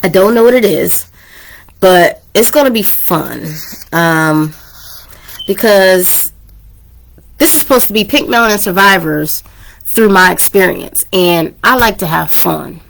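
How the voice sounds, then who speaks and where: Woman podcast host, candid and chatty, slightly gravelly, a bit under the weather, low mic level. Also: expressive, a little slow, long pauses, fairly bright tone. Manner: chatty, candid, laughs often. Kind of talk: casual chat. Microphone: microphone turned down low.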